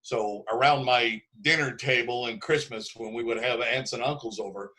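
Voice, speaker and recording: An older man from Canada sits in as a guest, telling stories in a loose, lively way. His voice sits at a middling pitch, and he acts out the voices of the people he quotes. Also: normal speed, few pauses, poor audio. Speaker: guest drummer. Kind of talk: casual interview storytelling.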